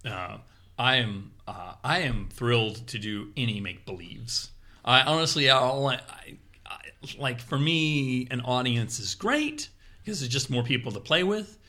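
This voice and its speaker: A man chatting casually on a podcast about improv, animated and quick to laugh. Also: medium pitch. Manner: animated, laughs often, jumps into playful quoted voices. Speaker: improv performer, podcast guest.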